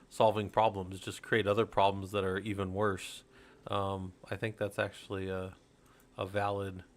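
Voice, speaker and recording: A middle-aged man streaming in relaxed, rambling chat, swearing freely as he talks to viewers. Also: fairly low pitch. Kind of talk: casual livestream chat.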